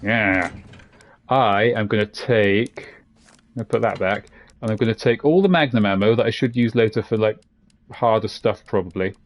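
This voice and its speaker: A man's voice: lowish voice, fast, darkish tone. A man giving casual, jokey commentary while playing a video game, rambling between asides. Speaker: game streamer. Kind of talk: casual let's-play commentary.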